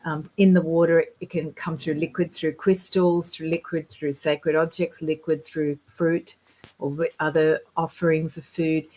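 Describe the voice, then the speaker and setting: A woman with a fairly low voice tells her stories in a relaxed, rambling way. She sounds earnest and gets excited easily, and her sentences often restart mid-thought. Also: a little slow, rough recording. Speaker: guest sharing spiritual experiences. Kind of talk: casual conversation.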